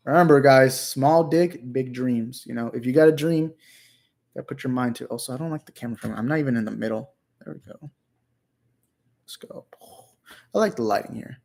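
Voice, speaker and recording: A man's voice: medium pitch, creaky, a little mellow. A young man hosting a casual livestream, reading chat aloud, joking, rambling and swearing. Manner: reads out chat messages. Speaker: livestream host.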